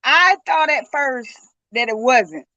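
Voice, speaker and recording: A middle-aged woman recounts the night her son died, earnest and vivid, acting out what each person said. Her voice sits high and bright. The sound is dry and dull, like lo-fi call audio. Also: animated, takes it slowly, no echo. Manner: earnest, speaks in vivid retold dialogue. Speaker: guest, grieving mother. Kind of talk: emotional personal account.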